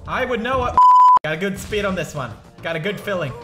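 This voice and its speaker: High-voiced Swedish man raging at a game. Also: animated, a little fast. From Sweden. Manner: swears constantly, bursts into frustrated shouting. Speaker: gaming commentator. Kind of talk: let's play commentary. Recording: echoey room with loud game music.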